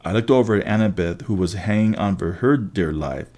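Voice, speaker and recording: A man's voice: lowish voice, lively intonation, a little fast, dark tone. A man narrating a first-person story aloud, with occasional slips and restarts. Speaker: audiobook reader.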